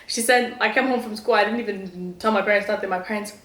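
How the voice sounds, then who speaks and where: A young woman co-hosting a casual podcast, telling a story in a relaxed way. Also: medium pitch, fast talker, reverberant. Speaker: podcast co-host. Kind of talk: casual chat.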